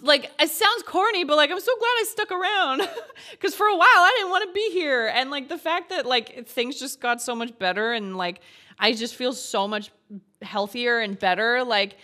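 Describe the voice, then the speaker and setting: A woman's voice: mid-range voice, sharp tone. A young woman streamer chatting casually with her viewers, gushing and giggly, with lots of filler words.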